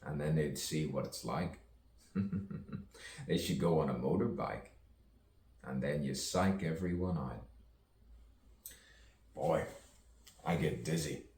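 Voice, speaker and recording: A man's voice: a bass voice, slow pace, pauses often, darkish tone, a little hiss or hum. A man improvising a rambling, rhyming stream-of-consciousness monologue with chuckles between lines, recorded from a distance. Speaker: poet. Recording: roomy echo, distant mic, faint ambience.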